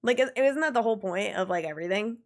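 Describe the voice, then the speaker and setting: A young adult woman streaming a game and chatting casually with her viewers, animated and quick to laugh, swearing freely. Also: medium pitch. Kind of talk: casual live-stream chat.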